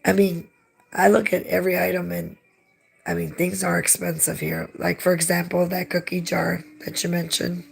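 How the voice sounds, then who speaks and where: A hoarse woman with a heavily gravelly, somewhat low voice reads out chat messages, short of breath and tired. Her pitch stays flat, and faint music plays in the background. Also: moderate pace. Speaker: livestream host reading chat. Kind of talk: casual livestream chat.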